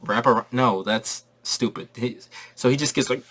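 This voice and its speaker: A man giving a casual spoiler review of a movie, excitable and slangy, repeating his points for emphasis. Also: mid-range voice, normal speed.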